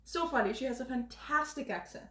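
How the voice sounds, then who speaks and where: High, lively, giggly woman streamer. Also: fairly quick. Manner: giggly, animated storyteller who acts out others' lines. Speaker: streamer host. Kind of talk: casual live-stream chat. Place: kitchen. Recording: echoey room, away from the mic.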